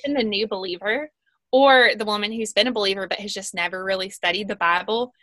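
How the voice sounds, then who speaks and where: Bright, earnest woman podcast guest. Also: medium pitch, quick pace, no room sound. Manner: earnest and talkative, with frequent fillers. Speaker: guest author of a Bible study guide. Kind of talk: casual podcast conversation.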